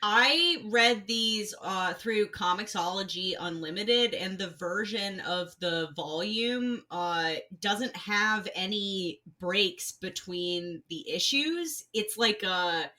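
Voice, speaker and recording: Bright-voiced woman chatting on a podcast. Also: medium pitch, lively intonation, slow, few pauses. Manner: laughs easily, chatty. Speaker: podcast co-host. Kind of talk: casual chat. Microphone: recorded remotely over a call.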